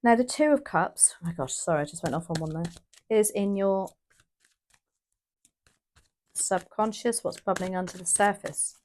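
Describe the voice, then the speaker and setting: A woman's voice: medium pitch, moderate pace, pauses often, a little mellow, slight background noise. A woman from the UK doing a casual, emotional tarot reading, rambling with restarts and exclamations. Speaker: tarot reader.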